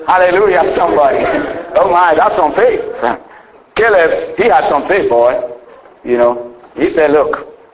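A man preaching a sermon with fervent call-and-response exclamations, dropping to quiet asides and chuckling often. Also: moderate pace, roomy sound, rough recording. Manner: fervent, swings between loud exclamations and low asides, laughs often.

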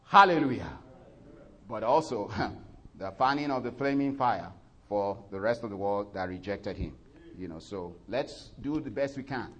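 A man preaching a sermon at a mid-range pitch. His voice climbs loud and high as he reads scripture aloud, then falls back soft and low for his asides. He fills the gaps with "you know" and often corrects himself. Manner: frequent fillers and self-corrections.

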